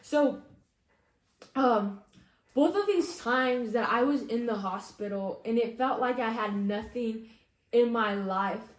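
A woman's voice: on the high side, a little mellow. A young woman sharing a personal faith testimony, earnest and casual, full of "like" and "you know.". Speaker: testimony speaker. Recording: echoey room.

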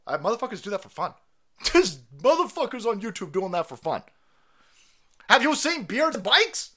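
A man's voice: sits high, big pitch swings, brisk, a bit bright. A man, a streamer delivering a foul-mouthed, incredulous conspiracy rant.

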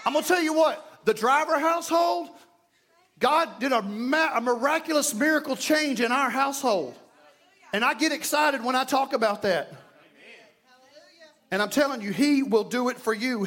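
High-voiced fervent male preacher. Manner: fervent preaching, shouting at peaks, acting out prayers. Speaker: pastor. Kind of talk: sermon. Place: church sanctuary.

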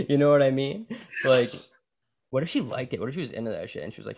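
A man's voice: mid-range voice, sing-song, a little fast, vocal fry, darkish tone, slightly rough. A young man hosting a podcast, chatting in a crude, rambling way and calling his guest bro and dude. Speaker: podcast host. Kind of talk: casual chat.

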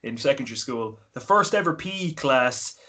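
A man's voice: mid-range voice, normal speed. Early-twenties guy, podcast co-host, loose and profane storyteller. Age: 20s. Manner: swears a lot, rambling and animated. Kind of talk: casual chat.

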